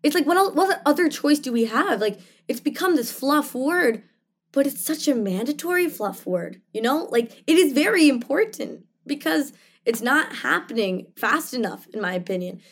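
A woman's voice: sits high, expressive, normal speed. A young woman, an actress, speaking passionately in an interview, emphatic and full of "like" and "you know". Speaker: actress guest. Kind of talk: interview conversation.

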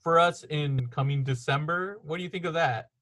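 A man's voice: fairly high pitch, normal speed, a bit bright. A man voicing a polite, formal male event booker who speaks stiffly and hesitantly. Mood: courteous.

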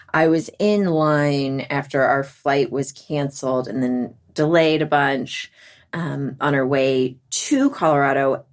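Woman podcast host, 30s, slightly low voice, animated storyteller. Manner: animated storyteller who acts out other people. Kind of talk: casual chat.

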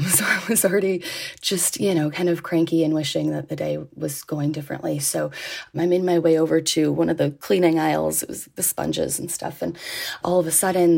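Creaky-voiced woman telling a heartfelt story. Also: lowish voice, darkish tone. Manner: heartfelt, chatty, laughs often. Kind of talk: personal story told as voice memo.

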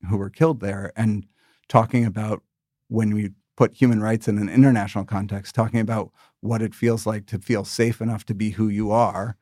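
American man, thirties, low voice, dry close mic, measured interview answers with restarts. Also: steady tone, darkish tone, no echo. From United States. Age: 30s. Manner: measured, thoughtful, with many restarts. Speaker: political candidate, former ambassador.

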